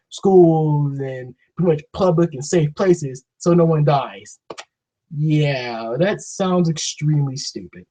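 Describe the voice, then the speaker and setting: A man's voice: on the high side, dark tone, husky. A man vlogging a profane, sarcastic, exasperated rant to camera. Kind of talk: ranting monologue. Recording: dull lo-fi recording.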